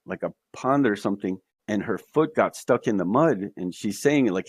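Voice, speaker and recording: A man's voice: fairly low pitch, normal speed, hardly any pauses, darkish tone, dry recording, clean studio sound. A man telling his near-death experience as a podcast guest, earnest, with many fillers. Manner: earnest storytelling with fillers, quoting voices he heard.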